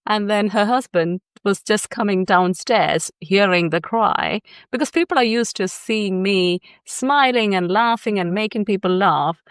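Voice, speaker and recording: A woman's voice: medium pitch, unhurried, few pauses, clear, resonant tone, dry recording, studio quality. A woman psychotherapist guesting on a podcast, telling personal stories candidly and laughing often. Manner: warm storytelling, often laughing.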